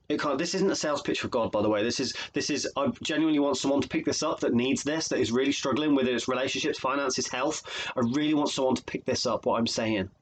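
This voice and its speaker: A man's voice: medium pitch, a little hiss or hum, low-quality recording. A man from England, a life coach, talking earnestly and emotionally to camera, often repeating phrases for emphasis. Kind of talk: motivational video monologue.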